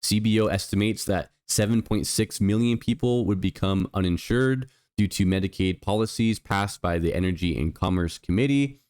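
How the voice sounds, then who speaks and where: A man's voice: low voice, darkish tone. A man hosting a political commentary show, speaking with indignant emphasis and reading out statistics. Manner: indignant, emphatic, reads out figures. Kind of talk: opinion commentary.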